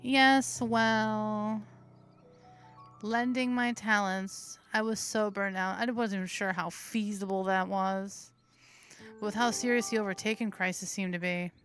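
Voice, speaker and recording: A woman's voice: medium pitch, fairly even intonation, moderate pace, faint music behind. A woman hosting a let's play, reading the game's narration aloud with playful, crude asides. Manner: playful, giggly, crude jokes between narration. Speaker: host.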